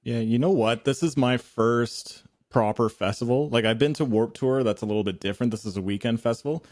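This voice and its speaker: A laid-back man co-hosts a casual chat and tells his story at an easy pace. His voice sits at an ordinary pitch. The recording is dry and close, with no room sound. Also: brisk, darkish tone, no room sound. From Toronto, Canada. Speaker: co-host.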